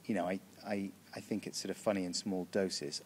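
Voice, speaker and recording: A British comedian being interviewed in a backstage room talks loosely and fairly quickly, interrupting himself, restarting lines and chuckling. His voice is low, flat and a little mellow, with slight background noise.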